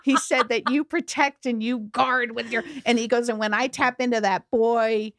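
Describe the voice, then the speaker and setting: Middle-aged woman guest, earnest and emphatic, voice a bit high, dry close mic. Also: steady tone, moderate pace, fairly bright tone, no room sound. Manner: earnest and emphatic, with many restarts. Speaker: guest, grief educator. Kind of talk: candid conversational storytelling.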